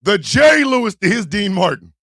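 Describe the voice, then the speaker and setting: Man, stream host, loud, profane, high voice, gravelly, dry close sound. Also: very animated, a little fast, no room sound. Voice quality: brash, profane, laughing often. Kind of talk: loud comedic live-stream chat.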